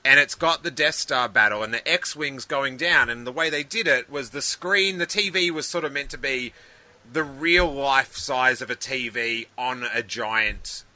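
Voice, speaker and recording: A man co-hosting a podcast, telling rambling, animated stories in casual chat with many restarts. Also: mid-range voice, unhurried. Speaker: podcast co-host.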